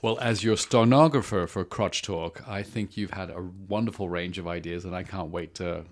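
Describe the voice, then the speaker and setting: A man with a British accent and a fairly low voice, a guest on a podcast. He chats in a playful, complimentary way. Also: moderate pace. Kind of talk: casual chat.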